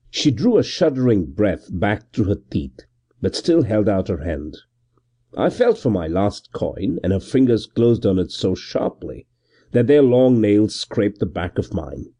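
A man reading a period novel aloud as a first-person narrator, measured and expressive. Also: on the low side. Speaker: audiobook narrator.

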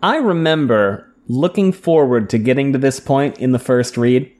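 A woman's voice: extremely low pitch, lively intonation, moderate pace, a little mellow. A woman co-hosting a casual podcast, retelling book scenes and slipping into playful voices for the characters. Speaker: podcast co-host. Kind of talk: casual book recap chat.

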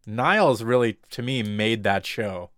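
A man's voice: fairly low pitch, expressive, measured pace, fairly bright tone, clear, resonant tone, no echo, clean studio sound. Rambling man in casual chat. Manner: rambling, many fillers and restarts. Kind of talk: casual chat about TV shows.

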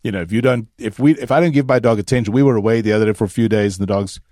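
A man's voice: fairly low pitch, very fast, a little mellow, dry recording, studio quality. A middle-aged man from Africa, a dog trainer explaining at length in a casual podcast chat, often restarting his sentences.

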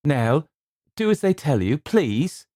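A man's voice: a little high, big pitch swings, slow, warm tone, voice pushed up. A man doing a soothing, pleading young woman. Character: affectionate young woman coaxing a frightened friend.

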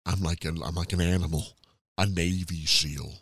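Brief: boastful older ex-wrestler politician, deep and slow, swaggering, put on by a man, dry close sound. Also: steady tone, fairly bright tone, breathy edge, no echo, exaggerated voice.

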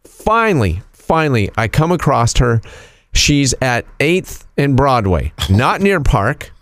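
A man hosting a radio show, telling a story in a casual, animated, teasing way. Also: mid-range voice, slow pace, no echo.

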